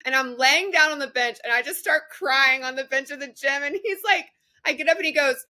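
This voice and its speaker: A woman's voice: sits high, a little fast, pushed and bright. A young woman co-hosting a podcast, chatting casually and often laughing as she talks. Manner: chatty, laughs while talking. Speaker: podcast co-host. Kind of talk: casual chat.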